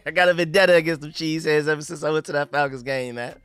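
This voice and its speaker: A man's voice: a little high, fast, clean tone, no room sound, faint music behind. Hyped young man streaming sports talk. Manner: hyped, shouts out viewers and donations. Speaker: live stream host. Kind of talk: casual live-stream commentary. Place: home room.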